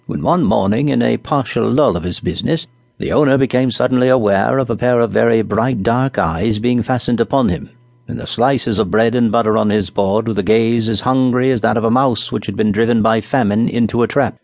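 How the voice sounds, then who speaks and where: A man narrating a storybook audiobook in a measured, deliberate reading style. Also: mid-range voice, vocal fry, a little mellow, dry recording.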